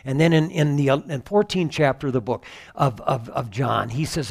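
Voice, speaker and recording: Fervent male preacher, somewhat high voice. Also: animated, normal speed. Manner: fervent preaching that rises into loud exclamations; conversational with fillers and restarts. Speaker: pastor. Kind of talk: sermon.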